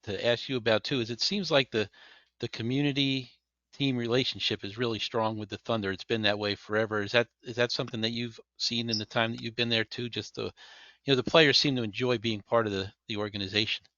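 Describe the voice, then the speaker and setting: A man's voice: mid-range voice, steady tone, brisk, pushed and bright, no echo. A man hosting an interview, easygoing, prompting his guests with questions and laughing along. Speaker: interviewer, team executive. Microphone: video call. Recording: dry, dull video-call audio.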